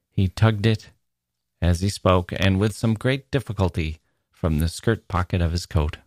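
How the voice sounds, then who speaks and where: A man reading a classic novel aloud as an audiobook narrator, in a measured, steady storytelling manner. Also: sits low, no echo, clean studio sound. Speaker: audiobook reader.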